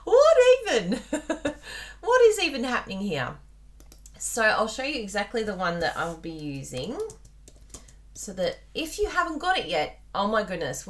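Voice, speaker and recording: A woman's voice: medium pitch, sharp tone. A woman with an Australian accent hosting a chatty live card-making tutorial, bubbly and talking straight to her viewers. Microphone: plugged-in microphone at a desk.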